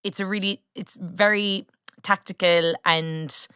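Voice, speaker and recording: A young Irish woman with a Kerry accent chats as a podcast guest, lively and quick to laugh. Her voice is bright and smooth, recorded close and dry. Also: medium pitch, no echo. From County Kerry, Ireland. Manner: lively, laughs often, gushing. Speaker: podcast guest, freelance writer. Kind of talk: casual film chat.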